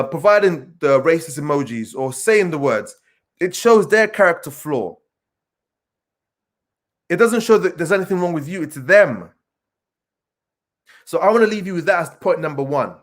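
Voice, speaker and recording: An earnest man speaking with a voice a little higher than most men's. He repeats his key points with emphasis and pauses often, in the manner of a motivational talk. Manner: earnest, emphatic repetition with many pauses and fillers. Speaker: speaker addressing young people.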